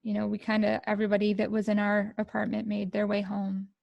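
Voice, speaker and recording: Woman, middle-aged, from the United States, gravelly, flat pitch, emotional halting storytelling. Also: no room sound, dull audio. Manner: emotional, halting, many fillers and restarts. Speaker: podcast guest. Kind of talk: personal storytelling.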